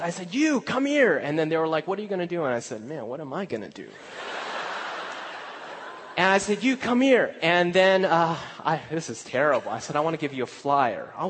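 A male pastor preaching a sermon, telling a personal story, dropping to hushed asides and rising to emphatic exclaims. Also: on the high side. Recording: long hall reverb.

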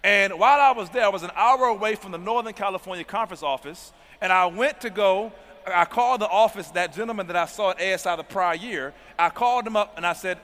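A man's voice: high-pitched, fast talker, fairly bright tone. A man who is a pastor, preaching a sermon testimony, calling out to the congregation for responses. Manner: emphatic call-and-response preaching. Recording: long hall reverb.

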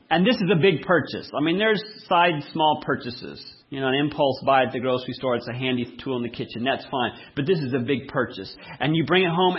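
A man preaching a sermon, asking the congregation questions and telling lively everyday stories. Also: fairly high pitch, husky, highs cut off. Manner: asks the audience rhetorical questions, animated storytelling. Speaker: pastor.

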